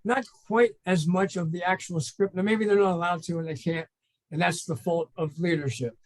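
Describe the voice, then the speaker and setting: A man's voice: sits high, steady tone, normal speed, poor audio. An older man, a trainer and consultant, guesting on an interview and telling rambling stories that act out phone calls. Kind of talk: casual storytelling in an interview.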